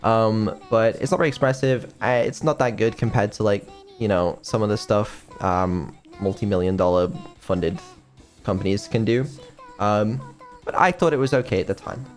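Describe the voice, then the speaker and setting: A man chatting casually on a stream as a developer, hesitant and filling pauses with ums, swearing now and then. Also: lowish voice, faint music behind.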